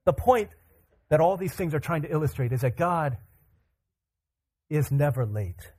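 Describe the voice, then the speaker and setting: A man preaching a sermon, animated, acting out the voices in the scripture with casual asides. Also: a little high, normal speed.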